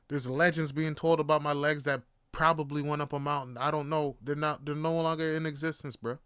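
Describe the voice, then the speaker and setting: Brief: male podcast host, bright crisp voice, animated and swearing freely, dry close mic. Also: on the high side, a little fast, few pauses, no echo. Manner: animated, profane, laughing. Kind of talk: casual storytelling.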